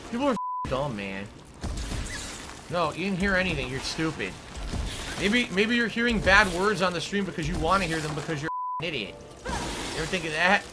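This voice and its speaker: Indignant ranting male streamer, high voice. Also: lively intonation, moderate pace, long pauses, background noise. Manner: exasperated, swearing, indignant outbursts. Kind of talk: angry stream rant.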